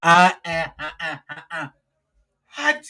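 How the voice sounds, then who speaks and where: Excitable South African man reacting to football. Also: a little high, slow, low-quality recording. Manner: excitable, repeats phrases, exclaims. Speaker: football show host. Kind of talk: live match watch-along reaction.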